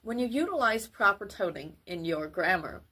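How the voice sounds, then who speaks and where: A woman giving a grammar lesson for children, with careful, formal wording and deliberate delivery. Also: medium pitch, animated, bright, forceful tone, breathy edge. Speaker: teacher.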